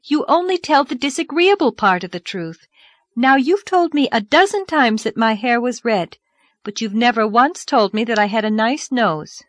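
A woman voicing an earnest, dreamy young girl in an audiobook, lively and reproachful. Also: on the high side, normal speed, no room sound, pitched above the performer's own voice. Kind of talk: audiobook character voice.

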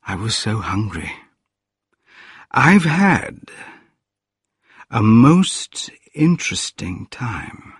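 A man voicing a tired gentleman inventor back from a journey, speaking quietly and slowly, often near a whisper. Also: medium pitch, sing-song, breathy edge, no echo, studio quality, voice pushed up, heavily acted. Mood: tired, hushed. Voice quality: quiet, worn-out and hushed.

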